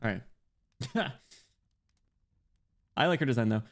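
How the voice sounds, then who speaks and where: A man's voice: mid-range voice, lively intonation, slow. A young man chatting casually with his chat while streaming a game, laughing often and reading messages aloud.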